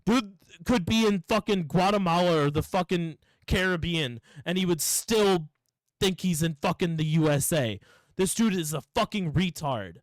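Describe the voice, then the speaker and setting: A man's voice: fairly high pitch, no echo, rough recording. A young man co-hosting a podcast, tipsy and ranting with lots of swearing as he tells a story. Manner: profane, ranting, acts out quoted people. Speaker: podcast co-host. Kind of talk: casual podcast chat.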